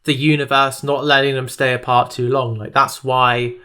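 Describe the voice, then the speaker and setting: A man's voice: medium pitch, flat delivery, normal speed, pushed and bright, clear, resonant tone. A man co-hosting a podcast in casual chat, retelling scenes animatedly and acting out the characters' lines. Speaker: podcast co-host.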